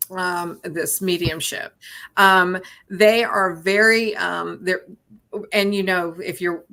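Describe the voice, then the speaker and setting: A woman's voice: fairly low pitch, sharp tone. A woman appearing as a guest medium, talking earnestly in casual conversation and often restarting her sentences.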